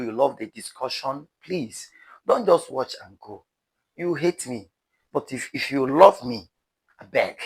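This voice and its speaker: With a medium-pitched, breathy voice, this Nigerian-accented man addresses his viewers as a news vlogger, delivering animated, dramatic commentary that pleads with them.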